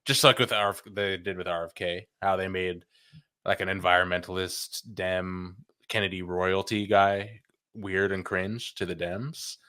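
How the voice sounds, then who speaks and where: A podcast co-host chimes in with slang and quick agreement. He rants in a casual way. His voice is slightly low but bright and forceful. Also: steady tone, smooth. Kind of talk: casual chat.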